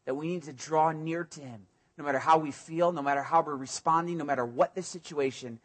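Husky preacher man, animated delivery. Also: fairly high pitch, a little fast. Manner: animated, swings from soft to loud when voicing psalmists. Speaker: pastor. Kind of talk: sermon.

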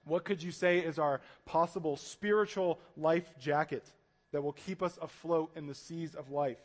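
A man preaching a sermon as pastor, animated and conversational, acting out panicked voices as he tells the story. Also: on the high side, moderate pace.

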